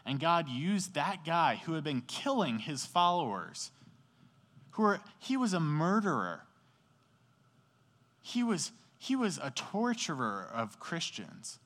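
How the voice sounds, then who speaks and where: A slow, sing-song man's voice, fairly high and fairly bright, leads a casual youth-group sermon, full of slang and conversational storytelling with questions aimed at the listeners. Rain falls outside the echoey indoor hall, which stands next to a sports field.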